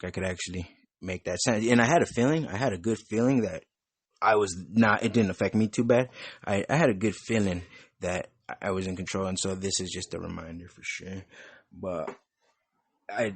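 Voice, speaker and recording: Rambling, cursing host with low husky voice. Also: male voice, dry recording. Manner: rambling, profane, loose. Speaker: podcast host. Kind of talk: casual chat.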